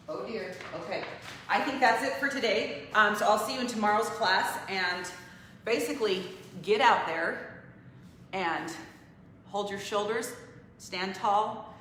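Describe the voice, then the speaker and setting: A woman's voice: lowish voice, fairly bright tone. Encouraging woman coach in an echoey room. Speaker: barre fitness instructor. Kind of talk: motivational class talk to camera. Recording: echoey room, mic at a distance, faint hiss.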